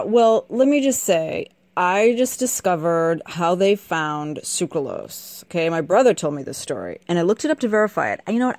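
A woman's voice: lowish voice, darkish tone, no echo. Woman host, sarcastic comic ranter, scolding and emphatic, dry close sound. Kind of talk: casual comedic rant.

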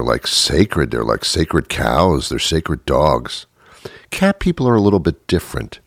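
A man doing a rambling stand-up comedy monologue, slipping into quick character voices for his bits. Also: very deep voice, big pitch swings, gravelly, husky, no echo, clean studio sound.

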